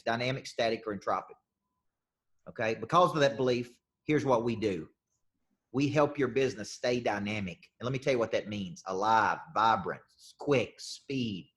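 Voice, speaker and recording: A man's voice: medium pitch, a bit bright. A man, a business coach leading a live group coaching session, talking in a punchy, emphatic way and repeating his key phrases.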